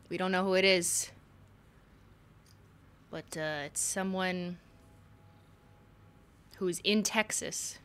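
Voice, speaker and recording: A woman's voice: fairly low pitch, fairly even intonation, slow pace, long pauses, fairly bright tone, smooth. A young woman streaming a game live, chatting casually, joking and reading in-game text aloud.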